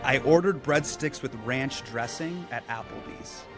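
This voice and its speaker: A man's voice: medium pitch, a little slow, music in the background. A man interviewing a guest in a comic, teasing, playful way.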